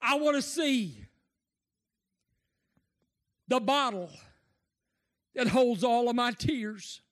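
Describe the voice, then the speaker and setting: High-voiced impassioned preacher man. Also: animated, very slow. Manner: impassioned, rising to shouts and tearful cries. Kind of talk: sermon.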